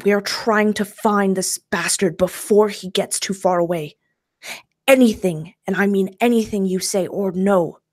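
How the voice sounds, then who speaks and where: A woman voicing an intense male police inspector who speaks in a pressing, hushed way. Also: mid-range voice, breathy edge.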